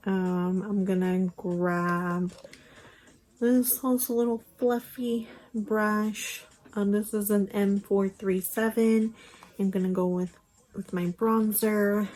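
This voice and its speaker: A woman's voice: medium pitch, a little mellow, low-quality recording. A young woman chatting casually through a makeup tutorial, rambling with lots of fillers, recorded on a phone at home. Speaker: beauty vlogger. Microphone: phone camera.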